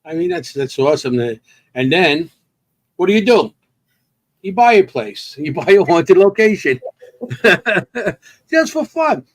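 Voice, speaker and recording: A co-host asking a guest questions in a relaxed way, with lots of encouraging murmurs. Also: medium pitch, measured pace, pauses often. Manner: relaxed, encouraging, frequent mm-hmms. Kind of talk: interview questions.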